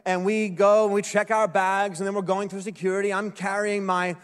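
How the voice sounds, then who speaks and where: A man's voice: high-pitched, flat delivery, brisk, clear, resonant tone. A man preaching a sermon as a pastor, telling stories with wry, self-deprecating humor. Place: church sanctuary. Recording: echoey hall with long reverb.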